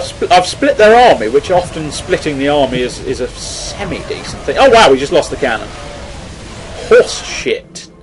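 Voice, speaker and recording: Male gameplay commentator, mid pitch, rambling and profane, light background hiss. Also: low-quality recording. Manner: rambling, swearing, self-mocking. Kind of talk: casual strategy game commentary.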